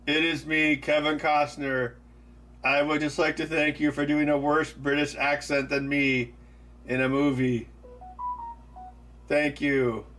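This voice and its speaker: A man's voice: on the high side, level tone, unhurried, pauses often, fairly bright tone. A man putting on an impression of a famous actor, speaking in a stiff, overly formal, mock-polite way.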